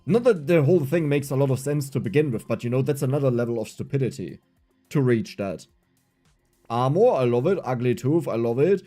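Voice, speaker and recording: A young man with a German accent chats on a livestream in a lively, rambling way, his pitch rising and falling a lot. His voice has a mellow, darker tone, and soft game music plays faintly underneath. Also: a little fast. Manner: animated, rambling, frequent restarts. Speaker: streamer. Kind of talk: casual livestream chat while gaming.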